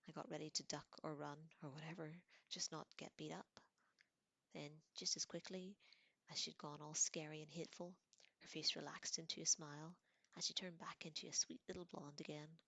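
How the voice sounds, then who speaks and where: A woman reads a novel aloud, soft and often half-whispered, and she adds casual asides now and then. Her voice is low with a gravelly edge. The sound is close and dry. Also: dry recording. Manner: casual asides between passages. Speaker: audiobook reader.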